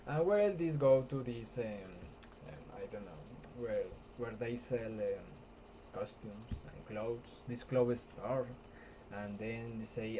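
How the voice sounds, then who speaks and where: A man casually retelling a film scene, halting often with fillers and restarts. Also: mid-range voice, background noise. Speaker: storyteller.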